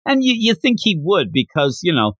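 A man talks through a manga chapter in a casual podcast recap. His pitch swings widely as he gets animated and drops briefly into character voices. The recording is dry, close and free of room sound. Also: no room sound. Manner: animated retelling, jumping into quick character voices. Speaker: podcast host.

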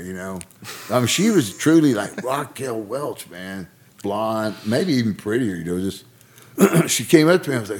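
A man's voice: on the low side, lively intonation, normal speed, a little mellow. A man, telling loose, rambling stories on a casual podcast and acting out quotes with laughs. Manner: rambling, laughing storyteller who acts out quotes. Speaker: podcast co-host, former wrestler. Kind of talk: casual storytelling chat.

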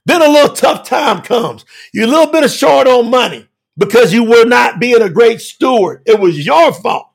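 A man preaching a sermon with emphasis, moving between shouted lines and quiet low asides. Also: lively intonation, normal speed, gravelly, slightly rough.

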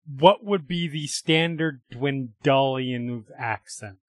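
A man's voice: mid-range voice, slow, no room sound, clean studio sound. A man playing a tabletop role-playing game, chatting out of character in a joking, self-deprecating way.

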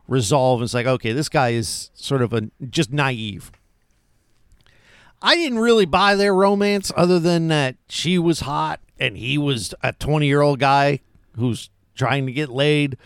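A man's voice: mid-range voice, clean tone, no room sound, clean studio sound. A man co-hosting a podcast, casually retelling film scenes and chatting. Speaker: podcast co-host.

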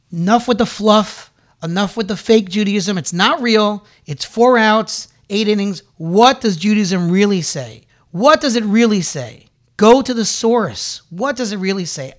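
Fervent, rallying Jewish preacher. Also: mid-range voice. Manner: fervent and repetitive, building to rallying calls; storytelling with Hebrew and Yiddish terms woven in. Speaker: Jewish inspirational speaker. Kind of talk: impassioned religious exhortation.

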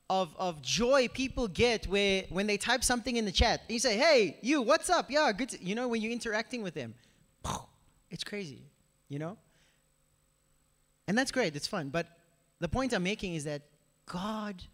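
A young man preaching a casual, animated sermon in a church, talking straight to the congregation with lots of asides. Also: high voice, in a large hall. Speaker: pastor. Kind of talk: conversational sermon.

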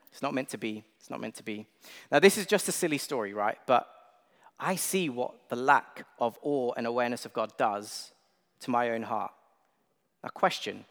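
A young man preaching a sermon in a relaxed, conversational and self-deprecating way, with plenty of filler words. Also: mid-range voice. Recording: long reverb of a large hall.

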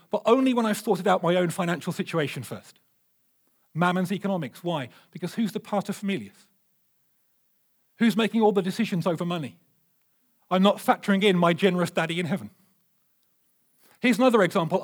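High-voiced preacher, animated. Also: male voice, a little fast, pauses often. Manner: animated, humorous storytelling. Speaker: pastor. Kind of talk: sermon.

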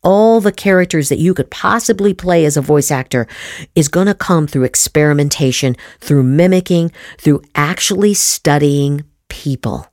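A middle-aged woman with a notably low voice talks through her voice acting tips in a loose, animated way, often restarting and repeating words. The recording is dry and close, with no room sound. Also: normal speed, no room sound. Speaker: voice acting teacher, podcast host. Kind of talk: casual instructional talk.

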